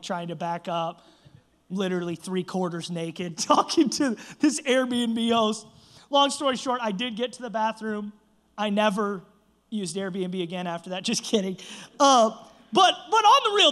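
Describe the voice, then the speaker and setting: A man's voice: extremely high pitch, expressive, moderate pace, fairly bright tone. A young man, a church pastor, preaching a sermon and telling a self-mocking funny story.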